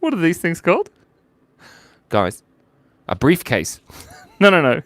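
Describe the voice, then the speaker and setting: A man's voice: on the high side, huge pitch swings, unhurried, no room sound. A playful man chatting casually while drawing on a live stream, reading out viewers' requests.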